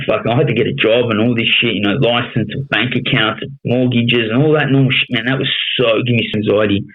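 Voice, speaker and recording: A man in his thirties with a broad Australian accent tells his story in a casual podcast chat, blunt and full of swearing, always checking in with "you know what I mean". His voice sits fairly low. The sound is narrow and tinny, like a phone line. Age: 30s. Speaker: podcast guest.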